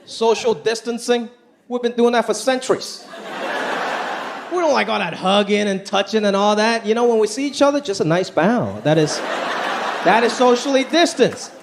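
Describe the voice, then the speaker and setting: A man's voice: sits high, expressive, moderate pace, vocal fry. A man performing a stand-up comedy set on a live stage, talking with animation and putting on quoted voices. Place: live stage before a laughing audience. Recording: live show with crowd and faint noise.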